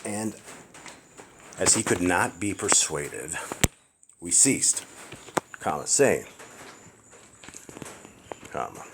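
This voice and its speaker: Deep-voiced man slowly dictating scripture. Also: very animated, creaky, very noisy. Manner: slow, deliberate read-aloud with spelled-out words and quick asides. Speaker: scripture proofreader. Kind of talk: dictating a text aloud, line by line. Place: house with barking dogs nearby.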